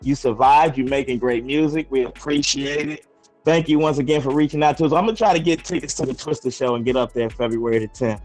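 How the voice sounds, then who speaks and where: A man's voice: mid-range voice, quick pace, a little mellow, soft background music. A man hosting a casual podcast interview, talking in a hyped way and repeating his favorite phrases. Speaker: podcast host.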